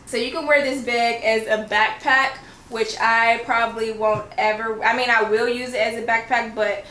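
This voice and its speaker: A woman's voice: medium pitch, fairly bright tone, slight background noise. Gushing woman in a roomy room. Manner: gushing, chatty, keeps correcting herself. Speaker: YouTuber and English teacher. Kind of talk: excited unboxing vlog. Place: at home, indoors.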